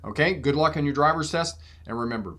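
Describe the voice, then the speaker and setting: His voice runs high, fast, and fairly bright. He's the driving instructor who hosts the channel, holding a casual live Q&A where he talks with viewers, laughs frequently, and acts out conversations in different voices.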